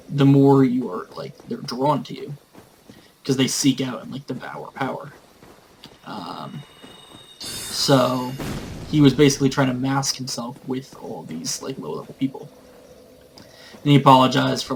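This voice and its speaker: A man's voice: medium pitch, a little hiss or hum, rough recording. Male gamer, casual rambling storyteller with lots of fillers and swearing. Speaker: gamer and tabletop game master. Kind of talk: casual storytelling while playing a game.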